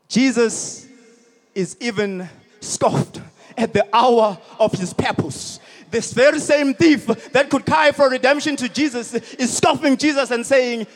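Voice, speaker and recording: A man preaching a sermon as pastor at a stadium service, emphatic and repetitive, rising to shouted peaks. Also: very high-pitched, a little slow.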